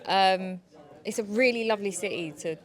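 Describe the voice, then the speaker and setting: A woman, an actor, speaking softly and gently in an interview. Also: medium pitch, moderate pace. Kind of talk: press event interview.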